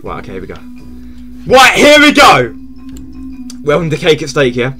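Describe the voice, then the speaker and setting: A male game streamer with a fairly high, bright voice, talking straight to his chat and tagging almost every phrase with "yeah?". His pitch swings widely, and he breaks into shouts when caught off guard. Faint music plays under his talk. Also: normal speed. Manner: excitable, shouts when surprised. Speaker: live streamer. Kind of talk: casual live gaming stream chat.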